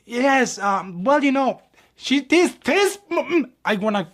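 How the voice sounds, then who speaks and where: Speaking a little slowly in a very high-pitched, fairly bright and very animated voice, a young ballet dancer from New York chats casually on his channel. He performs dialogue and refers to viewers as "my people."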